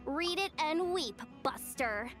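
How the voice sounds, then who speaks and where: A woman's voice: animated, slow. An actress voicing a playful young woman in a video game who enjoys acting tough, with a bouncy, teasing delivery. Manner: bouncy and teasing, wide swings in pitch. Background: game music.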